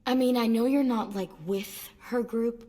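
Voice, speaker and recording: A woman's voice: a little high, fairly even intonation, moderate pace, dark tone, long reverb tail, natural voice. A woman voicing a blunt, worried teen survivor girl. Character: tough guarded teenage girl survivor.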